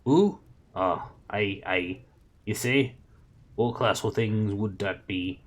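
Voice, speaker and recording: A man doing a gruff old Scottish witchfinder. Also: on the low side, takes it slowly, a little hiss or hum. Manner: growling, dismissive, thick put-on Scottish brogue.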